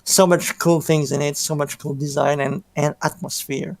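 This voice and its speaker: A man with a fairly high voice and a gravelly, creaky texture. He speaks with gushing enthusiasm in casual chat. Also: steady tone, moderate pace. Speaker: roundtable panelist.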